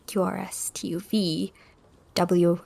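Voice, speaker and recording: A woman's voice: lowish voice, little pitch movement, slow, creaky, darkish tone. A woman playing a tabletop game in casual chat, playful and jokey. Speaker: player.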